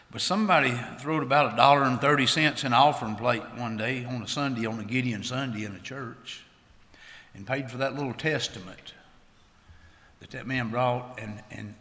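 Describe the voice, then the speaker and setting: Man, church testimony, earnest and halting, bright tense voice, long reverb. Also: medium pitch. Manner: earnest, plain-spoken, halting. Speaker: layman giving testimony.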